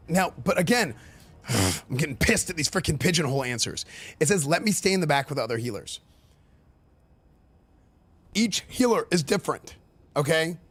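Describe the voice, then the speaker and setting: Male live streamer, slightly high voice, loose and rambling commentary delivery, faint background music. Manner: excitable, rambling, filler-heavy with repeated words. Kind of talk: live-stream commentary reacting to game questions.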